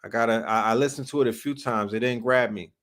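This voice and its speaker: A man's voice: mid-range voice, fast talker, fairly bright tone. A man from New York hosting a casual livestream, talking hip hop in loose slang and reacting to comments from chat. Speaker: livestream host.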